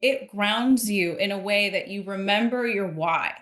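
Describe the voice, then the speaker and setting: Bright-voiced woman in an echoey room. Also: mid-range voice, a little slow. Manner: earnest, emotional storytelling. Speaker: congressional candidate guest. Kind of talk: earnest interview answer.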